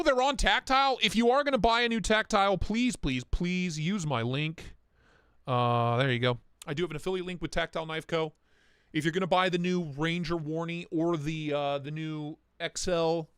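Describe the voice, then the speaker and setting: A man's voice: a little high, a bit bright, clear, resonant tone, no room sound, studio quality. A young man hosting a casual livestream, chatting loosely with his viewers, swearing freely and reading their comments aloud. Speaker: livestream host.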